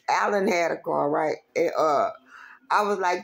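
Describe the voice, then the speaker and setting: Gravelly woman telling a street story. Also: on the low side, a little slow. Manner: animated, profane street storytelling with voiced quotes. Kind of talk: casual storytelling.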